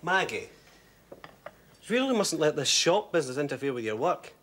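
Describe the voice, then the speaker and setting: A woman's voice: sits low, big pitch swings, moderate pace, fairly bright tone, full character voice. A woman with a Scottish accent playing a kindly, earnest teacher who urges the girl to study. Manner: earnest, encouraging.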